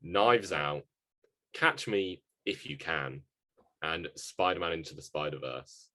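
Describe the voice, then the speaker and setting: A man co-hosting a casual podcast chat, self-mocking and quick to laugh. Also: very deep voice, expressive, sharp tone. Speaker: podcast co-host and editor.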